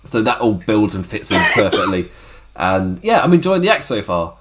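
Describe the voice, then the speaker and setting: Brief: hoarse man, animated pitch, chatty, self-mocking podcast co-host. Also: moderate pace, noisy background. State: hoarse, worn-out throat. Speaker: podcast co-host reviewing wrestling. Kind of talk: casual chat.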